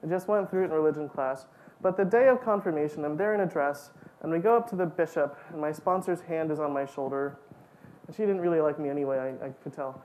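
A woman giving a storytelling talk at a student event, animated and self-mocking, often saying "like" and laughing along. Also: low-pitched, fast, low-quality recording.

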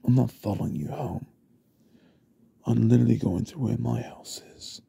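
A man doing a gravelly whispering goth stalker. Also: mid-range voice, moderate pace, heavily acted. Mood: creepy calm. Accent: British. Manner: creepy, falsely innocent, soft denials. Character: obsessive young goth male stalker. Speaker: ASMR role-play performer. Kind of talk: whispered role-play.

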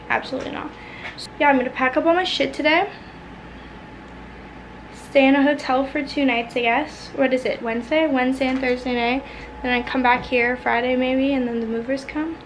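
Panicked high-voiced young woman vlogger. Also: a little hiss or hum. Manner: panicked, swearing, half laughing half crying. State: shaken and tearful. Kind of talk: casual vlog monologue. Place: apartment bedroom.

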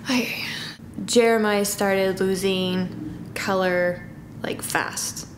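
A tearful woman recounts a frightening moment, her speech halting and full of fillers. Her voice sits at an ordinary pitch for a woman. A faint background hiss runs under the recording. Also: steady tone. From Southern California. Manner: halting, with fillers and nervous laughs. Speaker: vlogging mom. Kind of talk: emotional personal account.

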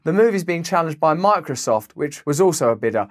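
A man's voice: fairly high pitch, lively intonation, brisk. Sarcastic man reading a report. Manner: sarcastic, theatrical. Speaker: commentator and comedian.

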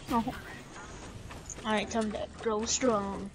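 A woman gamer chatting casually, excitable and shrieking with lots of swearing. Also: on the high side, unhurried, long pauses, heavy background noise. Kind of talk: casual chat while gaming.

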